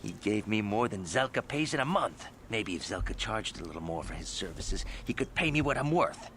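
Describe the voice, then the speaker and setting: A man's voice: fairly low pitch, big pitch swings, a little fast, fairly bright tone, slight background noise. A man voicing a greedy clinic assistant in a video game with an Italian-sounding accent, complaining and self-satisfied. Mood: smug.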